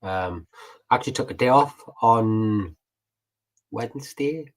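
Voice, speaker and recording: A man's voice: mid-range voice, expressive, takes it slowly. A man, co-hosting a podcast and telling family stories in casual chat, full of fillers and the odd swear. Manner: chatty, swears, tells stories with many fillers. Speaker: podcast co-host.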